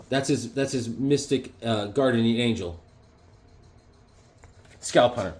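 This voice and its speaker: A man casually reviewing comic books, excitable and chatty, breaking into silly voices now and then. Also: medium pitch.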